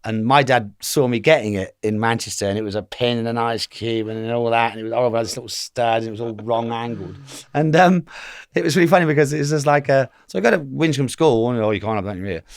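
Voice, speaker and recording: A man in his fifties from England, his voice medium-pitched and steady, speaks at a quick pace in a dry, studio-quality recording with no reverb. He's a guest in a casual interview, rambling through stories and acting out the voices of the people he quotes.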